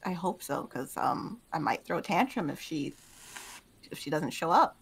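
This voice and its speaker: Woman playing a tabletop game, excitable, fry in her voice. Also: low voice, moderate pace. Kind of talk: casual in-character play.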